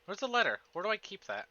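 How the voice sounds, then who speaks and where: A man streaming a visual novel, chatting casually with his chat, excitable and swearing often. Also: sits high, quick pace, dry recording, lo-fi sound. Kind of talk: casual live-stream chat and game reading.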